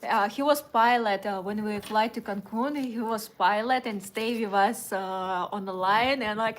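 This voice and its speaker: A young woman from Russia speaking broken English with a Russian accent in a casual livestream chat, pausing often on "uh" and laughing easily. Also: mid-range voice. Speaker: co-host of a livestream.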